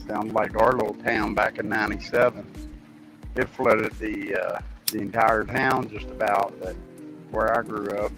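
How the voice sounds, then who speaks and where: A man's voice: on the low side, fairly even intonation, a little slow, over music, poor audio. A man from Kentucky chatting casually, adding short remarks. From Kentucky, USA. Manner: brief agreeing interjections. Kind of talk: casual chat.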